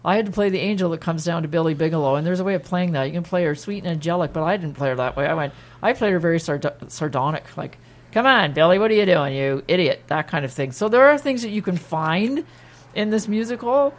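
A woman's voice: lowish voice, lively intonation, quick pace. A woman who once acted on stage discusses musicals in casual conversation, chatty and often cutting in. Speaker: theater reviewer and former stage actor. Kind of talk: casual review chat.

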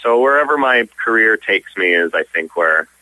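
A man's voice: on the low side, animated, normal speed, pushed and bright, no echo, poor audio. A young man from Canada, a stage actor, chatting easily as an interview guest. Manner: easygoing, frequent restarts. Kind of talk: casual interview.

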